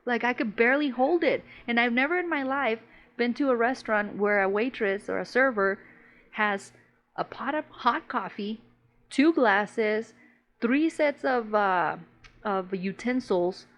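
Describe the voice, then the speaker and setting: A woman's voice: a little high, a little slow, highs cut off. A woman co-hosting a podcast, telling stories in casual, profane slang, saying "bro" a lot and laughing as she talks. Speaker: podcast co-host. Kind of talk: casual storytelling chat.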